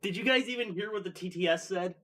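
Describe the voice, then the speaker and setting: A man's voice: high-pitched, fast, a bit bright, distant mic. A man who runs the stream's tech, speaking in a dry, matter-of-fact way. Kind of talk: casual livestream chat.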